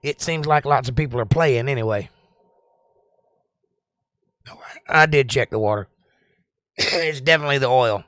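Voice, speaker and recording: Southern host, loose rambling chat, dry close mic, average pitch. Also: male voice, normal speed, pauses often, fairly bright tone, no room sound. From Georgia, US. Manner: rambling, joking, drawling. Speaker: livestream host. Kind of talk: casual live-stream chat reading comments.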